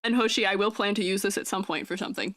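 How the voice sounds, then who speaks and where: A woman's voice: mid-range voice, steady tone, rapid-fire, fairly bright tone, no room sound. A woman chatting casually on a livestream, giggling often and reading chat messages aloud. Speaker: streamer.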